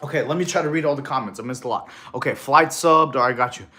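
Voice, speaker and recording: Counting push-ups and running out of breath, this guy keeps up relaxed, slang-filled fitness-stream chatter and addresses his audience as "bro." He talks quickly at a medium pitch with a sharp edge, recorded in an echoey room.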